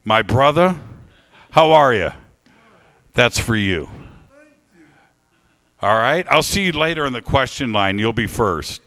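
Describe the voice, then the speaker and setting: A man speaking live to an audience, telling a story with lively emphasis and thanking people. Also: medium pitch, slow pace, long pauses. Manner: animated storytelling, warm thanks. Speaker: radio host giving a talk. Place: lecture hall with audience.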